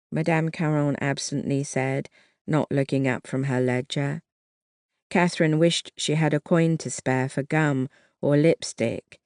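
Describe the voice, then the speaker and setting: Audiobook narrator, slow pace, measured reading, dry close sound. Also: mid-range voice, steady tone, a little mellow, clear, resonant tone, dry recording.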